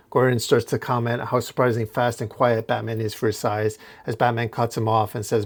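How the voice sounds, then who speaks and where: Brief: male host retelling a comic issue, casual and descriptive, medium-pitched voice. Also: level tone, normal speed, a little mellow. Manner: recounts panel by panel, casual restarts. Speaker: comic book recap host.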